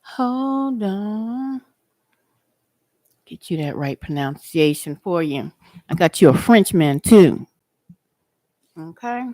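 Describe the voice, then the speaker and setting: A woman talks to her online viewers in a slow, deliberate way, half chatting and half preaching. The sound is dry and close. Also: sits low, expressive, warm tone, dry recording. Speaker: livestream host. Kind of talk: casual livestream chat and teaching. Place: outdoors.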